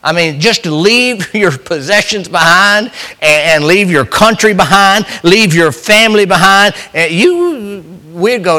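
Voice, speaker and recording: A man's voice: high-pitched, lively intonation, a little slow, bright, forceful tone. A middle-aged man, preaching a sermon as pastor in a folksy, emphatic way, rising and dropping sharply. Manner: folksy, emphatic preaching with sudden rises and drops.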